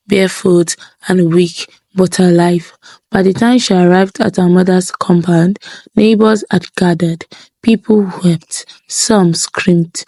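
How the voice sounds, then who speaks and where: Female storyteller, unhurried and dramatic, dry booth sound. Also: fairly low pitch, mellow, dry recording. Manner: measured, dramatic pacing with slowed phrases for effect.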